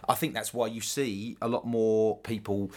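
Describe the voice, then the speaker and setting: A man's voice: fairly low pitch, level tone, moderate pace, darkish tone. A man with a London accent, talking through ideas in a casual discussion, reflective and rambling with asides.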